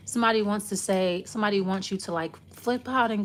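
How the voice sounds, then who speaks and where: A woman's voice: mid-range voice, fairly quick, few pauses, a little hiss or hum. A woman giving a casual, loose tarot reading, rambling and trailing off as she talks it through. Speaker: tarot reader.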